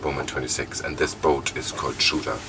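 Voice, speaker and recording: A boat owner chats on a small sailing boat outdoors, his voice sitting very low. He talks in a halting, casual way, often repeating words as he goes. Steady outdoor noise runs clearly behind him. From Germany. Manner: halting, repeats words while telling a story. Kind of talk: casual chat.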